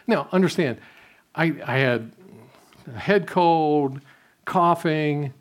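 An older man preaches in an easy, conversational way. He tells his stories directly to the congregation. His voice falls soft and low whenever he quotes his own prayers. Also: takes it slowly, pauses often. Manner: conversational storytelling, drops softly when quoting prayers. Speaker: pastor. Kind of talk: sermon.

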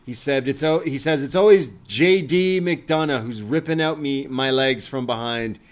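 A man's voice: mid-range voice, normal speed. A man co-hosting a wrestling review show, recapping scenes in casual chat and quoting the wrestlers' lines. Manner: recounts scenes, quoting lines in put-on voices.

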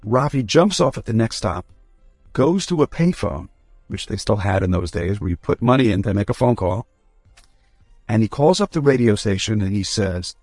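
A man, a rabbi, telling a story in a lively way and acting out the characters' voices. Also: fairly low pitch, fairly quick, dry recording, soft background music. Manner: animated, acts out quoted voices.

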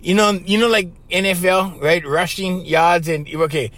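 A man's voice: sits high, normal speed, no echo. A man with a Hawaiian Pidgin-tinged accent, hosting a podcast and telling stories in a loose, chatty way, often tossing in "bro" and "right?" and chuckling. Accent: Hawaiian Pidgin-tinged English. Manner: animated, chatty, keeps saying "bro" and "right?", laughs between lines. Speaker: podcast host. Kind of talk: casual storytelling monologue.

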